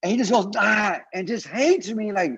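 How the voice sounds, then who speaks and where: A man, a guest comedian on a podcast, telling stories in casual chat, profane and animated, acting out what others said. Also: high-pitched, fairly quick, slightly rough, lo-fi sound. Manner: animated storytelling, profane, acts out quotes.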